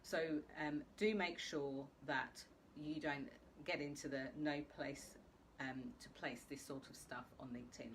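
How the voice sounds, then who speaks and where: A woman with a notably low voice hosts a live video talk. She is chatty and speaks straight to her viewers, with faint noise in the background. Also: steady tone, measured pace. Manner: chatty, addresses viewers directly. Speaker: host.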